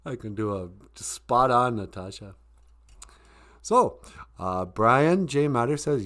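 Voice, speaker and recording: A man's voice: medium pitch, animated, takes it slowly, pauses often, fairly bright tone. A man hosting a casual livestream, joking and laughing often. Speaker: livestream host and comic author.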